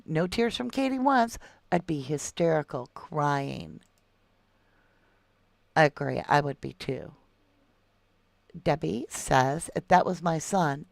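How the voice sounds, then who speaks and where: Low gravelly woman chatting. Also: no echo. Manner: chatty, calls viewers love and sweetheart. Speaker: true crime livestream host. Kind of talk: casual livestream chat reading viewer comments.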